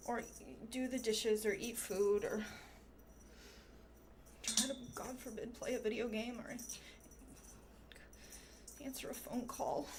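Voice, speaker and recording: A woman livestreamer with a fairly high voice, reading messages aloud and tearing into them with sarcasm and swearing. She switches between brash commentary and soft baby talk to her cat. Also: a little hiss or hum. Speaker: streamer.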